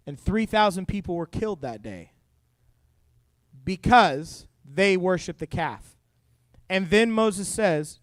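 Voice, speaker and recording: Young guy youth pastor, high clear voice, dry close sound, jokey animated bible talk. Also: slow pace, no room sound. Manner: animated storytelling with jokes and quoted voices.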